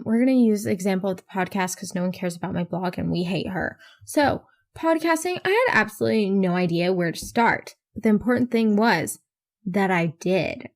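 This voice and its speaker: A woman's voice: medium pitch, darkish tone. A teenage girl hosting her own podcast, talking in a rambling, self-mocking way and swearing casually. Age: teens. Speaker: podcast host. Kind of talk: casual solo podcast chat.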